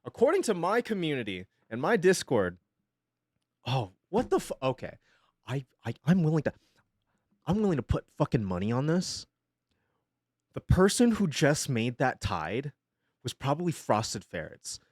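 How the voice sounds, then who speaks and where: A man's voice: on the high side, very animated, normal speed, pauses often, a little mellow, no echo, studio quality. A young man chatting casually on a live stream from his home setup, rambling, swearing freely and laughing often.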